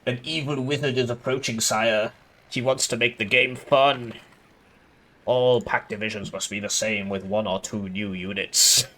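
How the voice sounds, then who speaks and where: A man putting on the voice of a fretful male royal advisor, mock-solemn and drawn-out. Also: medium pitch, fairly even intonation, bright, forceful tone, poor audio. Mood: mock alarm.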